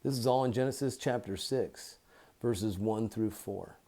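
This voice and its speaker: A man giving an informal Bible teaching into his phone, deliberately repeating and spelling out key words. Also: lowish voice, dark tone.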